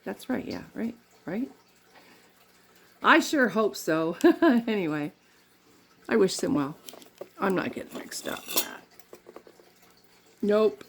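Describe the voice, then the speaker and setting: Chatty woman with a gravelly voice. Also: mid-range voice, animated, slow, pauses often, slight background noise. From Canada. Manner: rambling, chatty, laughs often. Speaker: makeup vlogger. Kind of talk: casual chat while doing makeup.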